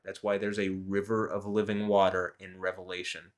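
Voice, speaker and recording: A man reads scripture verses aloud slowly, then breaks into rambling, profane commentary. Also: low voice, completely flat delivery. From United States. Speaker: host.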